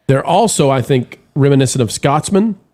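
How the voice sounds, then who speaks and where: A man's voice: mid-range voice, lively intonation, moderate pace, mellow. A man hosting a casual live-stream show, rambling with fillers while reading viewer messages aloud. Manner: rambling, full of fillers and restarts.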